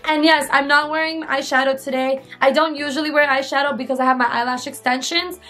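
Chatty young woman with a high voice. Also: fairly bright tone. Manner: chatty and playful, giggly asides. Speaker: beauty vlogger. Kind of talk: casual makeup tutorial chat.

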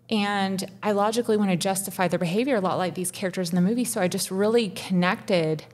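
A woman in her thirties, a podcast co-host, pouring out a raw, profane personal confession with intense feeling. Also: on the low side.

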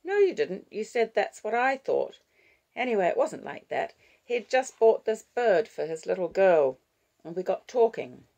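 A woman reading the part of a reluctant, self-absorbed grandmother in an audiobook, speaking briskly. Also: medium pitch, big pitch swings, darkish tone, pitched above the performer's own voice. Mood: chatty.

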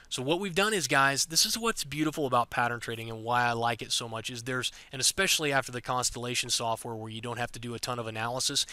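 A man teaching pattern trading while walking through charts, talking fast and direct. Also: medium pitch, sharp tone, no room sound. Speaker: trading educator. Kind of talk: screen-recorded chart walkthrough.

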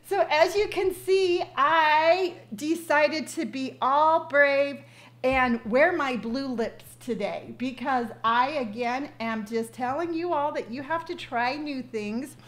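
A woman's voice: high voice, slow, a bit bright. A woman in her fifties hosting a casual live stream, chatting effusively and reading viewer comments aloud, with lots of ums and restarts, speaking into her device's built-in mic. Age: 50s. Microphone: device's built-in mic, no external microphone.

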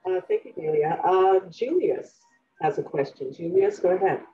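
A woman's voice: lowish voice, animated, moderate pace, breathy edge, faint music behind. A woman moderating a virtual town hall, taking audience questions with many fillers. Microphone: video call. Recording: dull lo-fi call audio.

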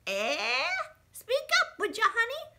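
Woman doing a deaf old granny, loud, high-pitched, storybook voice. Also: huge pitch swings, slow pace, gravelly, exaggerated voice. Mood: loud, puzzled. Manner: shouts "Eh?" cupping for sound. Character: hard-of-hearing old granny, cheerful and loud.

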